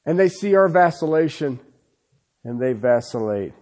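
A man's voice: on the high side, lively intonation, moderate pace, darkish tone. A man preaching a sermon who keeps asking rhetorical questions and checking in with the congregation with "okay?", telling stories with animation. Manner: peppers his points with rhetorical questions and "okay?".

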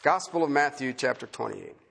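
A man's voice: mid-range voice, lively intonation, brisk, gravelly, a bit bright. A male preacher giving a conversational sermon, asking rhetorical questions and repeating key phrases.

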